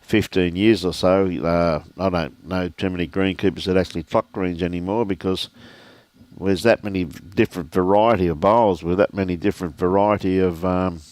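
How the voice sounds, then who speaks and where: A man's voice: deep voice, normal speed, no room sound. Older Australian man commentating lawn bowls. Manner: relaxed, chatty, greets viewers by name. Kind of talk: live sports commentary. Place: outdoor bowls club.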